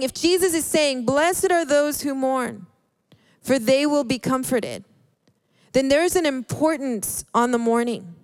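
A woman preaching a sermon in an earnest, halting way, often restarting her words. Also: high-pitched, no room sound. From Hispanic background.

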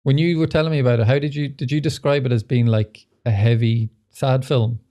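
A man's voice: medium pitch, fairly even intonation, a little fast, dark tone, muffled recording. A man hosting a casual podcast, rambling loosely and laughing easily. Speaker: podcast host.

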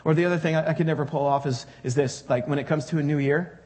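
A man's voice: a little high, fairly even intonation, fast talker, a little mellow. A man preaching a sermon to his church congregation, in a conversational, joking way that puts questions to the crowd. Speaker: pastor.

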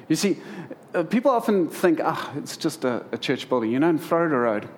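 A man's voice: on the high side, big pitch swings, fairly quick, a little hiss or hum. Man preaching a sermon. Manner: humorous, storytelling to a congregation.

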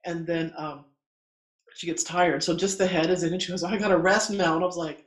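Animated middle-aged man telling stories. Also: on the high side, a little fast. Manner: animated, acts out quoted voices, laughs often. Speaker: midwife. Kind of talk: casual storytelling in conversation. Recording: roomy echo.

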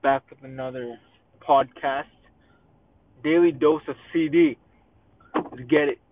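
A man's voice: mid-range voice, fairly even intonation, slow, no echo. A young man hosting a solo podcast, ranting in a profane, exasperated way with lots of fillers and restarts. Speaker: podcast host. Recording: tinny phone-quality, dry sound.

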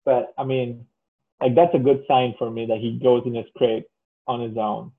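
A husky-voiced man chats as a podcast co-host over a thin, tinny phone-like line. He is easygoing and agreeable and drifts into fillers. His pitch sits at an ordinary middle. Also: fairly even intonation, normal speed. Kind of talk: casual chat.

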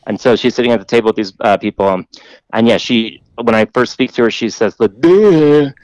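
A man on a podcast casually telling a rambling, profane story, mimicking other people in a higher voice. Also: steady tone, fast, dry recording, dull audio.

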